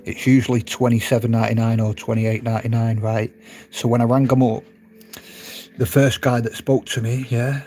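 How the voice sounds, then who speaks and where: A man's voice: mid-range voice, level tone, normal speed, dark tone. A man live-streaming from his phone at home, chatting casually and laughing with viewers as he reads their comments. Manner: chatty and laughing, talks straight to viewers in the chat.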